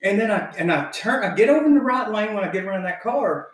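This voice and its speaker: A man's voice: sits high, quick pace. A man co-hosting a podcast, telling a story in casual chat, swearing freely and laughing as he goes. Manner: profane, animated, laughs while telling. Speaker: podcast co-host. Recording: very echoey room, voice far from mic.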